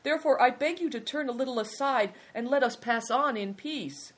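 A storyteller voicing a grown caravan leader who pleads in a high, deferential voice. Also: big pitch swings, moderate pace, fairly bright tone. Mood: pleading.

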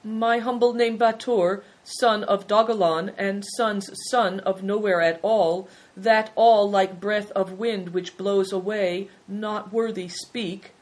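A woman voicing a humble, penitent servant who speaks slowly in halting, broken English. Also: mid-range voice, steady tone, voice pushed up, natural voice, low-quality recording.

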